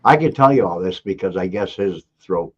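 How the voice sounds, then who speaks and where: An older man hosting a casual livestream, teasing and reading out viewer comments with lively energy. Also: deep voice, moderate pace, breathy edge. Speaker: livestream host. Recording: dull lo-fi audio.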